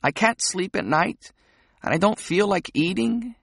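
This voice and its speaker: A lonely, tearful thirteen-year-old girl pleads in a pitiful way, as an audiobook narrator voices her. The voice is husky and gravelly. It sits in a dry, close audiobook recording. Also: medium pitch, animated, measured pace, no echo, exaggerated voice. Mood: pleading.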